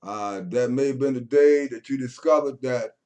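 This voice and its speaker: A man preaching a sermon, swinging between loud raised lines and low murmured passages. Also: moderate pace. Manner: preaching with rising chanted bursts and low murmured stretches.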